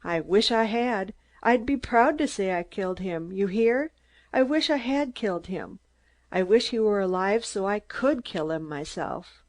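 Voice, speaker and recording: Shrill, ranting little man in staccato bursts, put on by a female audiobook reader. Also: animated, a little slow, lightly acted. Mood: gloating. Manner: screaming, staccato outbursts. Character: shrill, excitable small older man, a ranting agitator.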